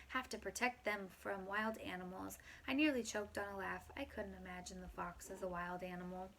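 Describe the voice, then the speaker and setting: A woman's voice: mid-range voice, vocal fry, fairly bright tone, a little hiss or hum, low-quality recording. A woman reading a children's chapter book aloud as a bedtime story, in a friendly way, lightly voicing the characters.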